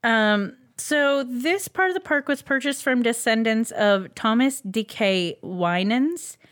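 A woman's voice: fairly high pitch, expressive, slow, a bit bright. A woman co-hosting a casual podcast, reading out researched facts with frequent ums and uhs and laughing easily. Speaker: podcast co-host presenting a researched topic. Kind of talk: casual chat.

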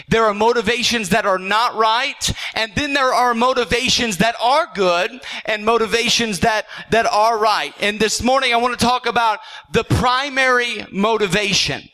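Bright-voiced male pastor preaching. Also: sits high, rough recording. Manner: earnest, repeats rhetorical questions, checks in with "okay?"; frequent stammered restarts. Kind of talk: sermon.

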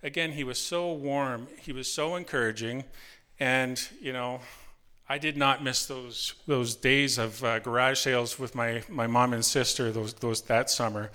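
A man's voice: mid-range voice, steady tone, measured pace, pushed and bright. A middle-aged man from Canada telling a personal story in a rambling way, with many restarts and filler phrases.

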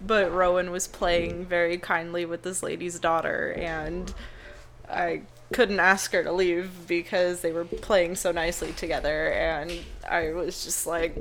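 A woman's voice: fairly low pitch, level tone, unhurried, fairly bright tone, a little hiss or hum. Teasing young woman podcast co-host. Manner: teasing, sweary, giggly banter. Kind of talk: casual chat. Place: home, kids around.

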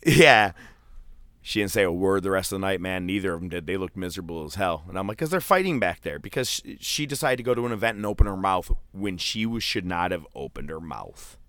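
A man telling a profane, animated story in casual chat, acting out the voices of the people in it. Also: low voice, brisk, no echo. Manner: profane, animated, acts out quotes.

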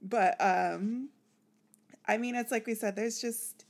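A woman co-hosting a book podcast who speaks slowly, with a gravelly fry running through her voice. She mostly answers in brief agreeing words. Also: a little high, fairly even intonation, a little mellow. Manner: slow, brief agreeing replies. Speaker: podcast co-host. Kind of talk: casual book-club chat.

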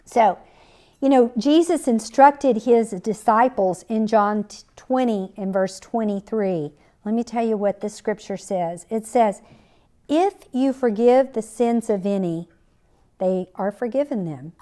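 A woman's voice: fairly high pitch, measured pace, mellow. A middle-aged woman hosting a faith podcast, earnestly telling a personal story and quoting scripture. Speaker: podcast host. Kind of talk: faith-based podcast talk.

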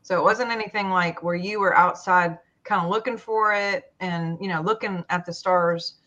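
A woman with a slightly low voice tells her own story in a group talk. She hesitates a lot and restarts her sentences, and the sound is dull and lo-fi. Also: steady tone, pushed and bright. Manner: halting, full of fillers and restarts. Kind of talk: personal story in a discussion.

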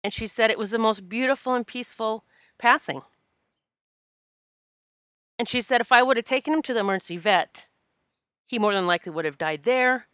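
A woman's voice: a little high, brisk, long pauses, no room sound, studio quality. A woman who practises Reiki, telling a personal story in a candid, emotional, casual way and acting out what people said. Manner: emotional, candid, animated quoting of herself.

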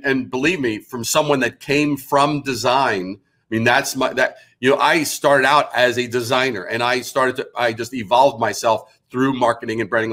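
A man in his sixties speaks as an interview guest in a forceful, bright voice. He is emphatic and blunt, swearing freely to drive his points home. His pitch sits in the middle range for a man. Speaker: guest, branding expert. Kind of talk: casual interview.

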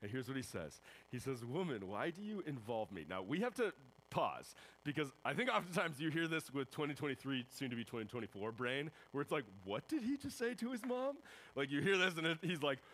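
A young man, a high school pastor, giving a casual youth sermon and acting out little voices in the quotes. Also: sing-song, fairly quick, a bit bright, low-quality recording.

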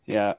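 A man's voice: a little high, no echo. Host, man, easygoing chatter with lots of laughs, dry close mic. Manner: laughs often, trails off with ums. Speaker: podcast host. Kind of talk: casual late-night chat. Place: his home, alone with dogs.

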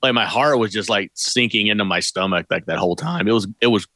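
A man's voice: lowish voice, fast, sharp tone, no echo. A man in a casual podcast chat about a movie, speaking enthusiastically and gushing about favorite scenes. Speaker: podcast co-host. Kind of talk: casual film discussion.

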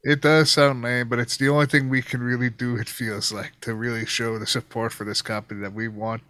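A man's voice: medium pitch, level tone, brisk, a bit bright, no room sound. A man co-hosting a casual wrestling chat, talking earnestly and running through upcoming match lineups. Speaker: podcast co-host.

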